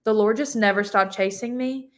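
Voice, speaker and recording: A woman's voice: mid-range voice, normal speed. A young woman, sharing her testimony as a podcast guest in a casual, chatty way full of "like". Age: young adult. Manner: chatty, heavy use of "like" fillers.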